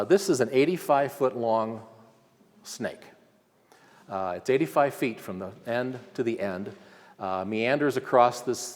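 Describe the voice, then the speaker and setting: A man giving a conversational slide lecture at a symposium, pointing things out on screen with frequent fillers. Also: lowish voice. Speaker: archaeology lecturer. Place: lecture hall. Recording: long hall reverb.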